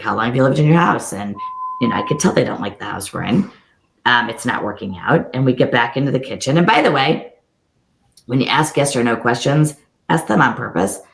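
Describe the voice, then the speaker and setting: A woman real estate coach giving a storytelling coaching talk, lively, acting out quoted dialogue in quick back-and-forth. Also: a bass voice, creaky, reverberant, poor audio.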